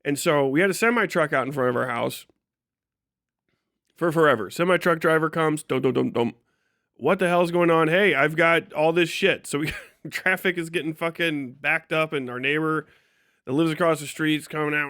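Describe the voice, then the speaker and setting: A man's voice: a little high, normal speed, no room sound, clean studio sound. A man from Kentucky telling a story on his livestream, swearing freely and laughing often. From Kentucky, USA. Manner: profane, animated retelling, frequent laughs. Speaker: live streamer.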